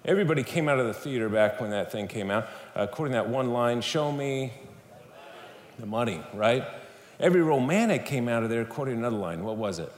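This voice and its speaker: A man with a mid-range voice talks fast as a guest speaker preaching a sermon in a church sanctuary, telling humorous stories with animated, playful energy and speaking directly to the audience. The hall is echoey, with faint room noise.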